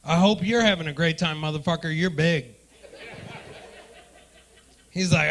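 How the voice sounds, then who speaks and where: Brash high-voiced comedian, bright and loud. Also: male voice, measured pace, long pauses, slight background noise. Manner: brash, profane crowd work. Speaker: stand-up comedian. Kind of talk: stand-up comedy set. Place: comedy club stage.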